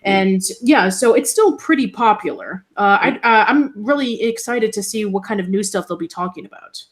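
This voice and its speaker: A woman co-hosting a relaxed online talk show. She talks at an ordinary pitch and pace and reads out news items. Her delivery is halting and full of fillers. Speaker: co-host. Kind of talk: casual podcast chat.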